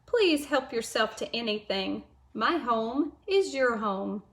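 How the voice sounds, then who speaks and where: Sprinkles is an excitable little skunk who loves having guests, and she talks like a welcoming hostess, as a woman reading a children's book aloud puts her on. Her voice sits a touch high and comes out slow and unhurried. She sounds keen to please. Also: heavily acted. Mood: friendly. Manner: eager, warm hostess, excitable. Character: friendly chatty female skunk.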